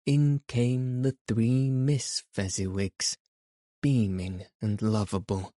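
A man narrating a classic story in an expressive, measured audiobook reading. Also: mid-range voice, dry recording, clean studio sound.

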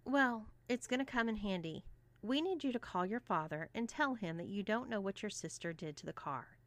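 A confident, teasing young ringleader, put on by a woman reading aloud speaks playfully and bossily in a storybook voice. The sound is close and dry, at a middle pitch. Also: lively intonation, normal speed, no room sound, lightly acted.

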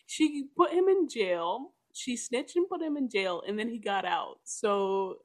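A woman chatting casually about a TV show, animated and laughing often as she acts out characters' lines. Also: fairly high pitch, unhurried. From part Jamaican family. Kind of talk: casual chat.

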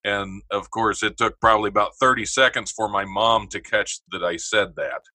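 A man in casual conversation, telling stories in a relaxed, halting way. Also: fairly low pitch, dry recording. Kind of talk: casual chat.

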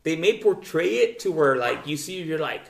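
Gravelly man, slangy casual podcast chat. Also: on the high side, expressive, normal speed. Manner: loose, profane, says "dude" constantly. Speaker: podcast host. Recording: roomy echo.

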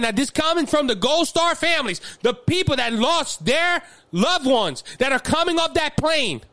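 A man's voice: extremely high pitch, sharp tone, dry recording. A man with a Louisiana accent hosting a political commentary show, impassioned and fiery, often repeating words as he builds steam. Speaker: podcast host.

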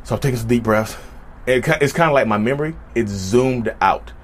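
A male vlogger tells stories casually, chatty and repetitive, and keeps speaking to his viewers directly as "y'all." His voice is medium-pitched and a little fast.

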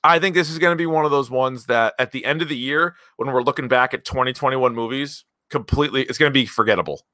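A man's voice: medium pitch, fast, few pauses, pushed and bright, no echo, clean studio sound. A man hosting a podcast, chatting loosely about movies with plenty of fillers and emphatic asides. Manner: rambling, filler-heavy, emphatic. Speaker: podcast host reviewing movies. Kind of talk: casual chat.

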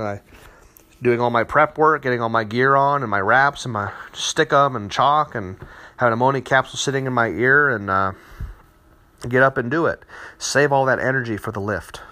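A man in his thirties, a competitive powerlifter, telling his story in a relaxed, candid way with many fillers and repeated words. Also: fairly low pitch, moderate pace. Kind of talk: casual spoken account.

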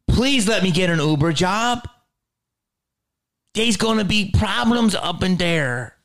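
A man delivering a heated, profane ranting monologue, swinging between low growls and high outbursts. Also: lively intonation, slow, a bit bright.

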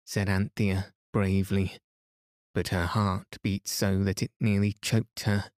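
A man reading a bedtime story aloud in a calm, soothing, unhurried way, as a sleep podcast host. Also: low voice, no echo, studio quality.

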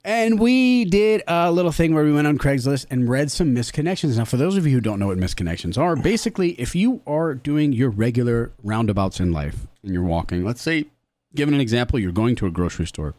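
Animated, jokey man co-hosting. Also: medium pitch, fairly quick, no room sound. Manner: animated, crude, jokey storytelling. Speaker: podcast co-host. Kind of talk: casual comedic chat.

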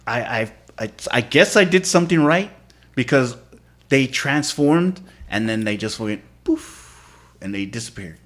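Male podcast co-host, casual storyteller, mid-range voice, relaxed swearing. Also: mid-range voice, unhurried.

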